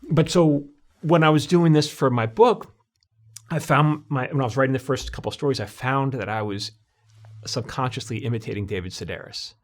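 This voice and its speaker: Middle-aged man, guest on an interview, lively storyteller, mid-pitched, quotes himself with voices. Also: normal speed. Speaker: TV comedy writer, guest. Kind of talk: conversational interview.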